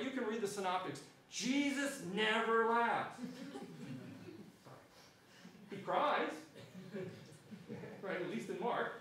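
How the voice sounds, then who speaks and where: A man with a New Zealand accent gives an animated public history lecture, keeps checking in with "right?", and talks in a fairly high voice. He is recorded from across a lecture hall with heavy echo and a faint hiss underneath. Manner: animated, frequent "right?" tag questions. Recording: echoey hall from far off.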